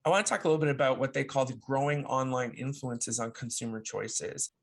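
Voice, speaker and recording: A man co-hosts a relaxed conversational podcast, his voice sitting in a middle register. He talks animatedly and playfully, often circling back and restarting a thought as he works it out aloud. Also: mid-range voice, brisk, creaky. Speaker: podcast co-host.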